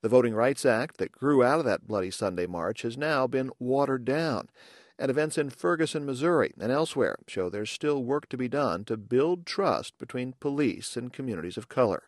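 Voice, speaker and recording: A man filing a scripted radio news report in an even, measured newsreader delivery. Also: mid-range voice, dry recording, studio quality.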